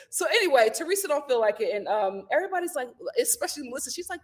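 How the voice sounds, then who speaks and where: Sassy high-voiced woman recapping reality TV. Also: very animated, very fast, few pauses, a bit bright, a little hiss or hum. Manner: sassy, slangy and opinionated. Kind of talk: casual live recap chat.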